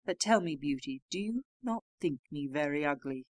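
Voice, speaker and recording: A sorrowful male beast from a storybook, low and gruff, speaking with humble, awkward politeness, as a woman reader puts him on. The voice is dry and close. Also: lively intonation, normal speed, no room sound. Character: gentle, sad, clumsy male beast.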